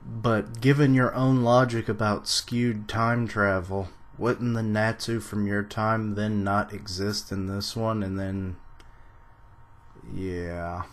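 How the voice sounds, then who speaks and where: A man reading a manga chapter aloud on a live stream and commenting on it, with dry sarcastic asides and now and then clearing his throat. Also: fairly low pitch, flat delivery, takes it slowly. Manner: clears throat, mentions allergies. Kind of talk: casual live reading and reaction.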